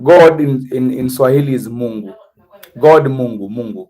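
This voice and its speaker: A man with an East African accent hosting a casual livestream, teaching words slowly and spelling them out letter by letter. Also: medium pitch, warm tone, poor audio. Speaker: livestream host.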